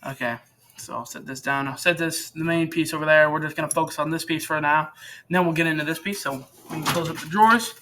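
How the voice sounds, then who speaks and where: Teen male host, fairly high and bright, rambling chatty tutorial at his workbench, faint tool clatter behind. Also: fast, slight background noise. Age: teens. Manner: rambling, chatty, corrects himself often. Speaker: channel host demonstrating repair. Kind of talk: casual how-to demonstration.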